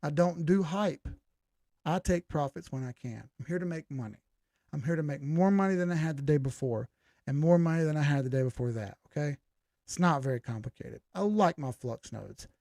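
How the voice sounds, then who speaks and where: Blunt, gravelly-voiced man on a live stream. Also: on the high side, normal speed, dark tone, no echo, studio quality. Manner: blunt, combative, talks to chat directly. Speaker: crypto live-stream host. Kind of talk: casual chart analysis on a live stream.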